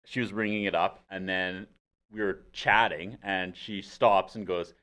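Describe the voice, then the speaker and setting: Low-voiced Canadian man telling stories. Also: measured pace, smooth. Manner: animated storyteller, acts out quotes. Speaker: podcast host. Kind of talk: casual chat.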